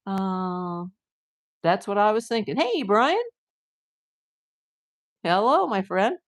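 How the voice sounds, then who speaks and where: An American woman hosts a live stream as a private investigator, talking through a case. Her medium-pitched voice is sing-song and slow, and she fires off emphatic, indignant rhetorical questions.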